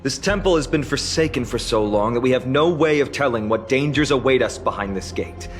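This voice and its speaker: A man's voice: medium pitch, expressive, brisk, soft background music, close to an everyday voice. A man voicing a wary young adventurer. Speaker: game character. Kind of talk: scripted game dialogue.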